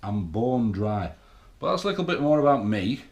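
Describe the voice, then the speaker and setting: A man's voice: medium pitch, big pitch swings, moderate pace, a little mellow. A middle-aged man, talking to camera in a casual, rambling, sweary motivational monologue about bodybuilding. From England. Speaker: bodybuilding vlogger. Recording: echoey room.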